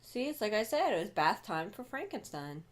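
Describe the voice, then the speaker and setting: A woman's voice: medium pitch, sing-song, normal speed. A woman co-hosting a casual movie commentary, dropping wry, joking remarks. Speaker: co-host of a film commentary.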